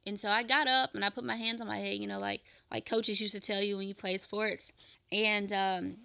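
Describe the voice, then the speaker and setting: A woman's voice: mid-range voice, fairly even intonation, moderate pace, vocal fry, pushed and bright, clean tone, dry recording. A young woman telling her personal testimony as a podcast host, candid and rambling with fillers and restarts.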